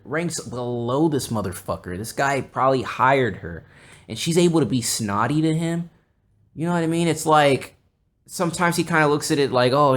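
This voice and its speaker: A young man hosting a podcast, telling a rambling story casually, swearing often and getting animated. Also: fairly low pitch. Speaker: podcast host.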